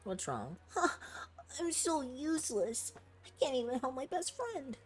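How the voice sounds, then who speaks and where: Picture a tiny, anxious robot helper from a video game, voice pitched up and wobbling as it blames itself for everything, put on by a woman reading along. The delivery is fretful and weepy, rising and falling in lively swoops. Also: normal speed, faint music behind, close to an everyday voice. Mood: tearful. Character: small tearful robot helper, anxious and self-blaming.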